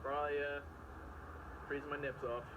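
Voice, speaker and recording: A man vlogging casually outdoors in the cold, talking in a relaxed, easygoing way. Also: fairly high pitch, moderate pace, dull audio, noisy background.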